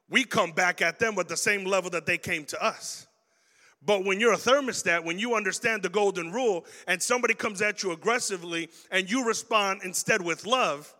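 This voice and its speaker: A man with a high, bright voice delivers a sermon to young people. He is animated and acts out everyday scenes as he talks. His voice rings through a long-reverb hall. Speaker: preacher.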